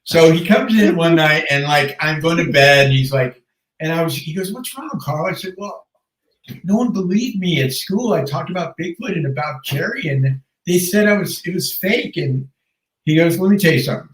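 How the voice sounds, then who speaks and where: 50s guy, lively storyteller on a podcast, laughs a lot, sounds far from the mic in an echoey room. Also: on the high side, moderate pace. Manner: animated storyteller, laughs often. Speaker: podcast guest. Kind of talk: casual storytelling chat.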